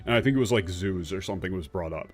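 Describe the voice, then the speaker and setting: A man's voice: low voice, quick pace, faint music behind. A man streaming a video game, chatting casually in a rambling way and laughing often. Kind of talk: casual gameplay commentary.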